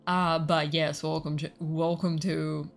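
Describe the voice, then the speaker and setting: A woman streamer chatting casually with her viewers, talkative, swearing freely and reacting loudly. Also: sits low, level tone, a little slow, creaky, a little hiss or hum. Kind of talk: casual live-stream chat.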